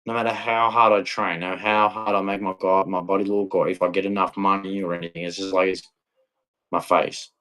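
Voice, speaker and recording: A man's voice: sits low, flat delivery, a little fast, fairly bright tone, poor audio. A man ranting bitterly to camera, repeating "man" and "right" as he vents. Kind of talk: angry monologue to camera.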